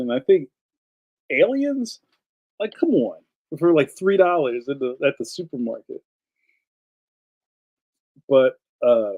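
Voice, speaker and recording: A man's voice: medium pitch, highs cut off. A man from Philadelphia hosting a casual live stream, rambling from topic to topic and answering viewer comments. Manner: rambling, jumps between topics. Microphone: streaming setup.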